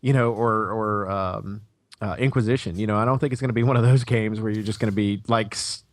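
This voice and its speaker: A man's voice: on the low side, steady tone, brisk, dry recording. A man co-hosting a gaming podcast in casual chat, rambling with lots of fillers and swearing freely. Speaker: podcast co-host.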